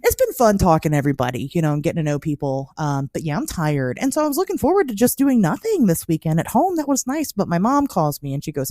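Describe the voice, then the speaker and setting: A woman in her thirties hosting a podcast, telling stories in a casual, animated way with frequent laughs and many "like" fillers. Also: mid-range voice, fast talker, few pauses, no echo, clean studio sound. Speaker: podcast host. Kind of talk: casual storytelling chat.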